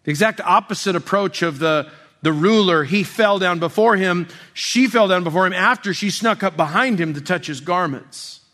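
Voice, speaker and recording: Conversational preacher with a higher voice. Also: male voice. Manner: conversational, many restarts, drops soft and slow for tender lines. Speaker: pastor. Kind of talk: expository sermon.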